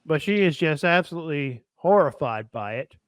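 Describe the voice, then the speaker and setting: A man's voice: fairly high pitch, expressive, moderate pace, no room sound, clean studio sound. A man hosting a casual film discussion, rambling with many fillers and restarts. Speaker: podcast host.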